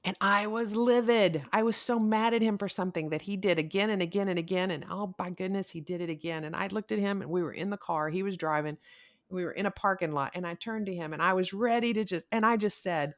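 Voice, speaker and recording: A middle-aged woman, a couples counselor hosting a podcast, telling stories in a candid, animated way. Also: mid-range voice, fast. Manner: animated storyteller, candid and expressive. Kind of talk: casual conversational podcast.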